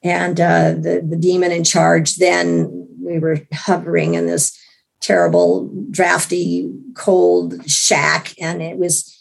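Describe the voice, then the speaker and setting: Gravelly, husky woman telling her story. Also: lowish voice, takes it slowly. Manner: earnest, animated storytelling with restarts. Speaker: guest author. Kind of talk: personal storytelling in an interview.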